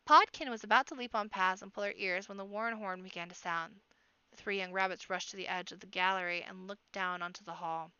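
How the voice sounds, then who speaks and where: A woman reading a children's fantasy book aloud in an expressive amateur audiobook narration, now and then correcting herself. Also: medium pitch, fairly quick, clear, resonant tone, dry recording, highs cut off. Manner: expressive reading with character voices and occasional self-corrections. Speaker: audiobook reader.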